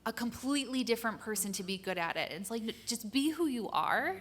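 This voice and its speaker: A woman's voice: on the high side, lively intonation, fast talker, a bit bright, a little hiss or hum. A woman on a conference panel earnestly giving advice, talking casually with lots of filler words.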